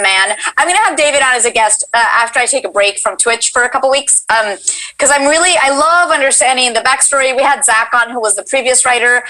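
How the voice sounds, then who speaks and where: A woman's voice: on the high side, pushed and bright, rough recording. A woman hosting a casual livestream chat, gushing and bubbly as she reads the chat aloud. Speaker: host.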